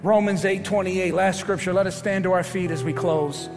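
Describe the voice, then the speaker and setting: Man, pastor, sermon, high voice, swings from hushed to loud, long church-hall reverb. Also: steady tone, moderate pace, music in the background. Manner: preaching with big swings from quiet to loud. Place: church sanctuary.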